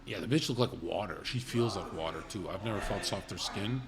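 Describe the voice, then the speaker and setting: A man's voice: low-pitched, brisk, vocal fry, crowd noise. A young man hosting a livestream, telling crude comedic stories in a blunt, rambling, profane way. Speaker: livestream host.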